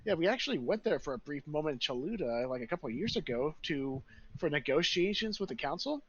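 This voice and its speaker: A man voicing an excitable young royal third heir who rambles and corrects himself mid-sentence. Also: fairly high pitch, fast, highs cut off. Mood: excited.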